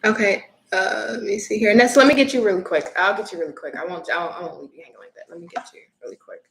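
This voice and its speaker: A chatty woman reads tarot cards on a livestream, speaking bluntly and casually. Her voice sits in a middle pitch. The room has a noticeable echo and faint background noise. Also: fast talker. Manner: chatty, blunt, laughs easily. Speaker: tarot reader.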